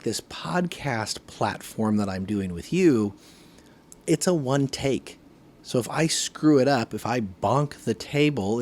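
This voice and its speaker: A man hosting his podcast, talking casually to camera in one take, with lively emphasis and a habit of saying "right", recorded on a phone camera. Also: lowish voice. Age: adult, working a full-time job. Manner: conversational, varied emphasis, often says "right". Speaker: podcast host.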